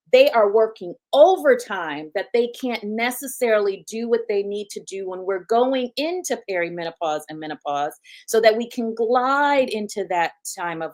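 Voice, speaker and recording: A woman's voice: on the high side, darkish tone. A middle-aged woman with a Southern US accent talks as an interview guest. She is chatty and folksy, calls her listeners y'all, and keeps the story moving. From Huntsville, Alabama, USA. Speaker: guest, gynecologist.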